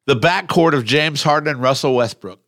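A male podcast host in casual, animated chat, blunt and quick to swear. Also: fairly high pitch, no echo, clean studio sound.

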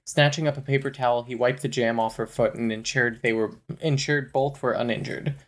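A woman's voice: very deep voice, brisk, poor audio. A woman co-hosting a podcast, chatting casually about a romance novel and reading passages aloud. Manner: relaxed, reads passages aloud then comments. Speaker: podcast co-host. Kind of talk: casual book-club chat.

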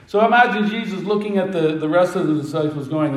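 High-voiced preacher, distant and echoey. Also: male voice, brisk, hardly any pauses. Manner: storytelling, acting out disciples' voices with humor. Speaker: pastor. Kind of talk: sermon.

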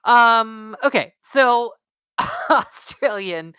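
A woman's voice: fairly high pitch, lively intonation, drawn-out words, bright, forceful tone, clear, resonant tone, no room sound. A woman from Southern California co-hosting a podcast, chatting casually with lots of fillers and restarts. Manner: chatty, many fillers and restarts, laughs often. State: allergies, occasional cough. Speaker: podcast co-host. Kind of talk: casual chat.

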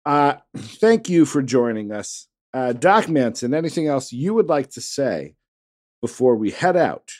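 A man hosting a podcast, relaxed and easygoing as he keeps the conversation moving. His voice rises and falls with lively pitch. He sounds comfortable at the mic. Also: measured pace, no room sound, studio quality. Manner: easygoing, wraps up the show. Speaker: podcast host. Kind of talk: casual podcast chat.

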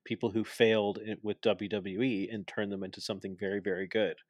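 Low-voiced man, opinionated casual chat. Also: level tone, brisk, dry recording. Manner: opinionated, explains at length with many fillers. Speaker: podcast co-host.

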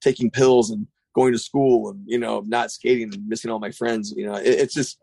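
A middle-aged man who runs a skate shop, chatting casually on a podcast, rambling and profane, with animated retellings. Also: fairly low pitch, normal speed, vocal fry, husky, no room sound.

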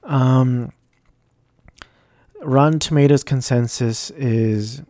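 A man talks through a movie review in a casual, rambling way, often unsure of himself. His voice is mellow and unhurried. The sound is dry and close. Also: medium pitch, no room sound. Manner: rambling, hesitant, self-deprecating.

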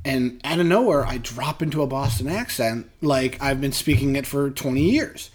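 Speaking at a moderate pace in a mid-range voice, this podcast co-host from Western Massachusetts rambles through lively, filler-heavy stories in a casual chat.

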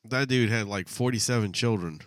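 A man's voice: on the low side, a little fast, no room sound. A man co-hosting a podcast, joking along in casual banter. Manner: playful, goes along with jokes. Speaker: podcast co-host.

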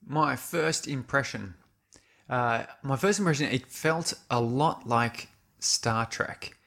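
A man speaks in an even, middle-pitched voice, talking casually about a film. He is thoughtful and searches for his words, often circling back with halting repeats. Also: creaky.

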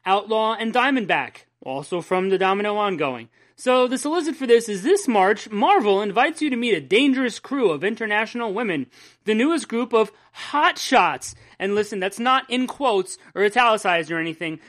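A man's voice: high voice, lively intonation, moderate pace, a bit bright. Profane, rambling young man on a podcast. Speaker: podcast co-host. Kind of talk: casual comics news chat.

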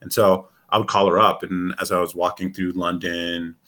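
A man from the United States chatting casually as a co-host, rambling and animated, swearing freely and laughing often. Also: deep voice, normal speed. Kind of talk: casual chat.

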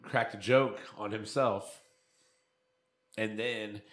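A man in his thirties co-hosting a live show, in loud, profane, exasperated casual banter. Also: on the low side, steady tone, takes it slowly. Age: 30s. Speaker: podcast co-host.

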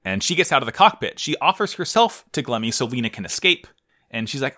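A man co-hosting a casual podcast, his voice lively and swooping up and down as he jokes through a recap. His tone is bright and forward. He jumps high for emphasis and keeps the banter loose. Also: fast talker. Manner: animated, jokey, swings his pitch up high for emphasis. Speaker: podcast co-host. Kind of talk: casual chat recapping an anime episode.

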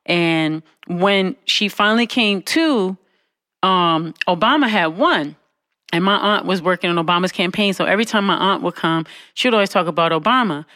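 Animated woman telling a family story. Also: normal speed, no echo, clean studio sound. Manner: animated, laughing, acts out quotes in a high voice; conversational, with frequent "you know what I'm saying". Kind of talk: casual storytelling chat.

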